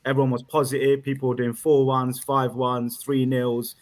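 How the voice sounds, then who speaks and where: A man calling in to a fan chat show, excitable, laughing often and repeating himself as he talks. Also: mid-range voice, moderate pace. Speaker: caller.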